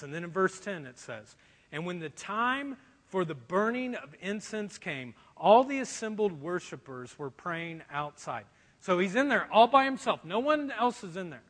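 A man preaching a sermon in an animated, joking way, acting out quotes as he goes. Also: sits high. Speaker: pastor. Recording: long reverb of a large hall.

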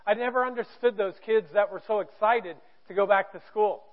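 A man with a high voice preaches a sermon in a church auditorium. He speaks in a candid, self-deprecating way and drops in jokes. The sound is thin and narrow, as if heard over a phone line. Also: a little fast. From Indiana, US. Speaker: pastor.

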